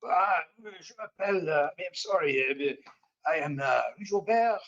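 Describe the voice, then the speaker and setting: A man's voice: high voice, unhurried, a bit bright, highs cut off, pitched above the performer's own voice. A man voicing a frantic, bound French Canadian man who pleads and babbles in a French Canadian accent. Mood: frantic pleading.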